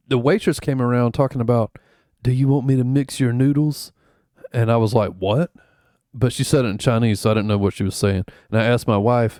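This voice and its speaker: A man's voice: fairly low pitch, darkish tone, no room sound, clean studio sound. Rambling laid-back man on stream. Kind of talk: casual chat.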